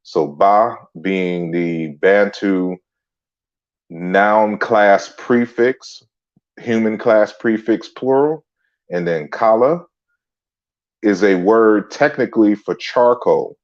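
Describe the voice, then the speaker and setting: A man hosting a relaxed livestream lecture, greeting viewers by name as he talks. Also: fairly low pitch, takes it slowly, muffled recording. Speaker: livestream host and author. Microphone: computer mic on a stand.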